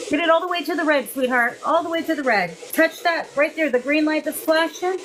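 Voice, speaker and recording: A fairly high-voiced woman leads a live spirit-communication session in a soothing, patient tone. She keeps her voice gentle and affectionate, and a faint hiss sits underneath it. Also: brisk. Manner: gentle, coaxing, calls the unseen listener "darling" and "sweet pea". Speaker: paranormal investigator hosting a spirit session. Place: indoors beside a table of ghost-hunting gear.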